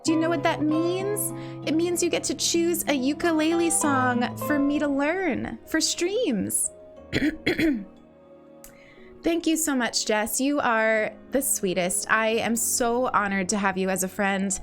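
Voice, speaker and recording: High-voiced, bubbly woman streamer. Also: takes it slowly, faint music behind. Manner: bubbly, repeats phrases, laughs often. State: slight morning cough. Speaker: livestream host. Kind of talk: casual livestream chat greeting viewers.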